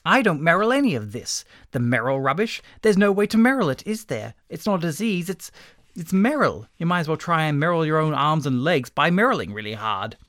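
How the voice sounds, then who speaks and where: A man's voice: big pitch swings, brisk, a bit bright, no echo, clean studio sound. A man doing a squawking, gloating villain. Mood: ranting. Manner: squawking, shrill and sneering. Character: gloating, knife-twirling nervy male villain.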